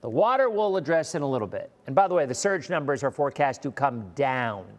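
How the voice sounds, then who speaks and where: A man's voice: medium pitch, big pitch swings, brisk, long reverb tail. A middle-aged man, a meteorologist giving a live weather update, reassuring and emphatic, repeating points. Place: live stream studio.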